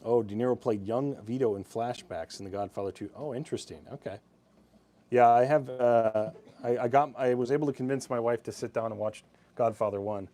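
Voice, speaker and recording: A man's voice: mid-range voice, fairly quick, warm tone. A young man hosting a live-stream sale, chatting casually with easy laughs and rambling asides.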